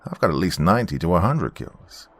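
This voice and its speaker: A man's voice: deep voice, expressive, brisk, dry recording. A man voicing a big, stealthy, cocky Marine sniper with a laid-back, wry way of talking.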